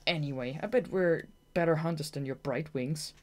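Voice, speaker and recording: A woman's voice: low-pitched, close to an everyday voice. A woman reading an audiobook, voicing a young male bat who is a hot-tempered, boastful runt. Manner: eager, boastful, quick to take offense.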